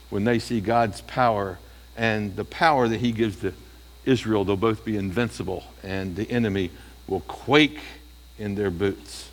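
A man's voice: lowish voice, long reverb tail. A male preacher giving a sermon, often asking the listeners rhetorical questions.

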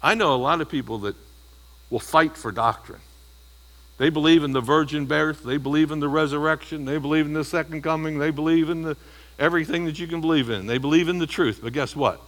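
A man's voice: on the high side, a little fast, fairly bright tone, poor audio. A man preaching a verse-by-verse sermon in a conversational way, often checking in with the congregation. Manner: conversational preaching, frequent "okay?" and "you see" checks. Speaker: pastor. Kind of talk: expository sermon.

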